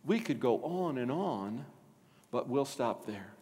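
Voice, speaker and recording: A male pastor preaching a sermon, animated and asking the congregation questions. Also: mid-range voice, slow pace, breathy edge. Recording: long hall reverb.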